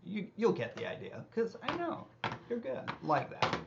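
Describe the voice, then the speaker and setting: A man's voice: high voice, wildly swooping pitch, moderate pace, gravelly, highs cut off, very noisy. A man teaching a hymn in a casual, self-deprecating way with false starts, now and then singing lines in a wobbly voice. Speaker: music teacher. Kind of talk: casual teaching with sung examples. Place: home music studio. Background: organ accompaniment.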